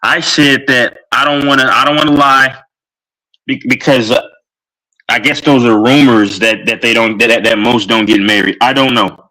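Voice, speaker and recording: This man, a Texan, rambles hyperactively through a live stream on a sugar rush, leaning on plenty of fillers. His voice is mid-range with fairly even intonation, normal speed and a sharp tone, and the recording is rough.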